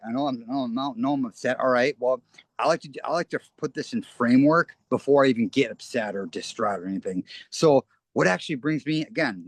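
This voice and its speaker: A man's voice: medium pitch, no room sound. A man talking as an interview guest, rambling earnestly and often restarting his phrases. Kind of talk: casual spoken interview.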